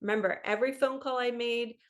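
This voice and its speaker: A woman's voice: on the high side, steady tone, fairly quick, fairly bright tone. A woman in her thirties, a spiritual coach, talking casually to camera in an earnest, chatty way and acting out the voices of the people she quotes. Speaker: spiritual coach and psychic medium.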